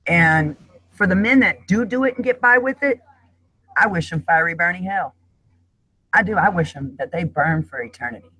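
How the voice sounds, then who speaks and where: A woman's voice: on the low side, animated, normal speed, sharp tone, slightly rough, low-quality recording. A middle-aged woman speaking as a guest in an emotional panel discussion, talking in an impassioned, emphatic way.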